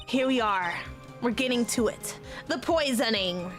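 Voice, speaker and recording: A woman streaming a game, chatting casually and thinking aloud. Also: a little high. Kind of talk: casual let's-play commentary. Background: game music.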